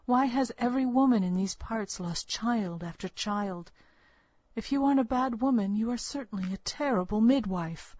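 A woman's voice: on the high side, normal speed, a little mellow, no echo, pitched above the performer's own voice, lightly acted. A woman doing a defiant young pregnant woman. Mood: demanding. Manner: accusing, demanding. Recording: dull, lo-fi, dry recording.

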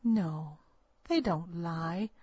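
A woman's voice: fairly low pitch, extremely slow, a little mellow, husky, no room sound, exaggerated voice. A woman reading a story aloud, voicing a stern and secretive older village midwife who talks in a curt, bitter, scolding way. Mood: evasive, resolute. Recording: dull, lo-fi, dry recording.

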